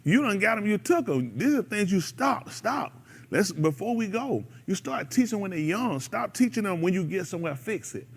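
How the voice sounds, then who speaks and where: A man's voice: high-pitched, moderate pace, slightly rough. A man, hosting a radio show and preaching casually to a group in an exhorting way. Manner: animated, exhorting, breaks into laughter and mimicry.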